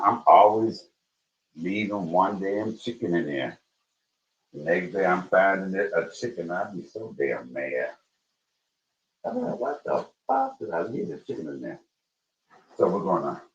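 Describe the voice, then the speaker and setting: Guy livestreaming from his kitchen, real low voice but jumps all over the place when he gets going, roomy dull sound. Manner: chatty, swings into high excited bursts, talks to viewers as y'all. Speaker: livestream host cooking. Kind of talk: casual livestream cooking chat. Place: home kitchen.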